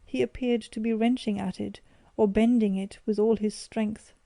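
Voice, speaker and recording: A woman narrating a classic detective story as an audiobook, in a measured, even storytelling delivery. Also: mid-range voice, vocal fry, no room sound.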